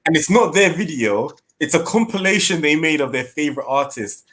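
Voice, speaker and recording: Lively joking young man. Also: a little high, brisk. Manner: joking, animated. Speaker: streamer. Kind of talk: casual group chat.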